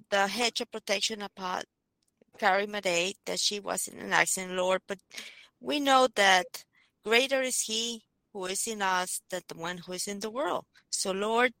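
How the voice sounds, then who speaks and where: A woman's voice: mid-range voice, pushed and bright, no room sound, poor audio. A woman on the line leading an earnest, fervent spoken prayer.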